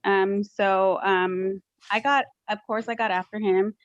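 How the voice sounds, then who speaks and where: A woman testifying as a mother in a courtroom, halting and full of fillers. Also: mid-range voice, steady tone, dry recording, lo-fi sound. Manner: hesitant, many fillers. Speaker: witness, respondent mother.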